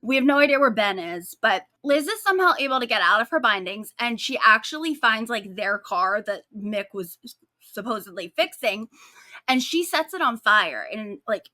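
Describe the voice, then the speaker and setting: A woman co-hosting a true-crime podcast, talking in a casual, animated way with a sarcastic edge. Her voice is bright and a little high. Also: moderate pace, dry recording, studio quality. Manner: animated, sarcastic storytelling with frequent likes. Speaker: podcast co-host.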